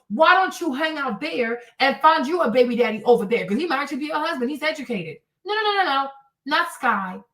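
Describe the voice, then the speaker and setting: Exasperated high-voiced woman ranting. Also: recorded from a distance. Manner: animated, exasperated, swears a lot; bursts into shouts. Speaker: host. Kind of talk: ranting commentary stream. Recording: echoey room, off the mic.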